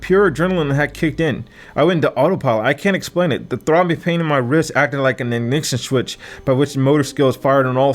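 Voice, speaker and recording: A man narrating a first-person thriller audiobook with vivid, dramatic storytelling. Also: medium pitch.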